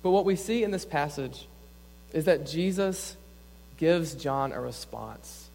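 A man's voice: a little high, lively intonation, a little slow, vocal fry, a little mellow. A young adult man, a campus pastor, preaching a sermon in an earnest, conversational way, often saying "like". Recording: long reverb in a church hall.

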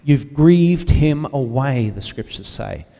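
A man's voice: medium pitch, expressive, slow, vocal fry, mellow, in a large hall. A man preaching a sermon with emphatic, repetitive phrasing, calling out to the congregation for an amen. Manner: emphatic preaching, repeats key words, asks the congregation "Amen?".

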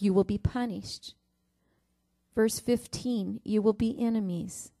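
A middle-aged woman preaching a sermon, reading scripture and telling a family story, stressing each verse number. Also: on the high side. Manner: warm storytelling with Bible reading, rising emphasis on verse numbers.

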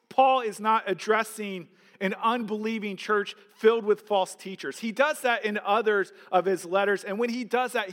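A man's voice: high-pitched, fairly bright tone, big-room sound. A pastor preaching a sermon in an earnest, emphatic way, asking his listeners questions.

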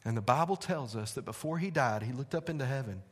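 A man's voice: medium pitch, fast. Preaching man with a drawl. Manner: animated, conversational preaching with playful asides. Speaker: pastor. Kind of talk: sermon. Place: church sanctuary. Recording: long hall reverb.

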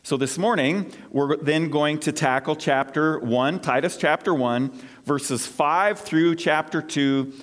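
A man's voice: on the high side, slow pace. A male pastor preaching a sermon in a church, stressing his points through repetition. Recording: long church reverb.

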